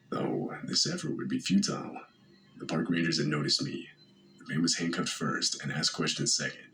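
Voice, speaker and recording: A man narrating a first-person horror story in a steady, measured way. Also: very deep voice, noisy background. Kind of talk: scripted narration.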